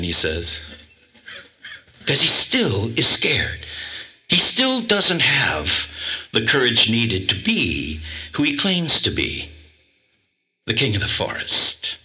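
A male pastor preaching an animated sermon, quizzing the congregation and coaxing them to repeat words after him. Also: medium pitch, slow, long pauses.

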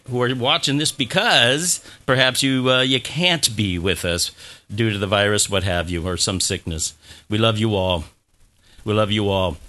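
A man's voice: mid-range voice, bright, forceful tone. A middle-aged man preaching a sermon as pastor, talking in a conversational way, repeating phrases and having the congregation say words back.

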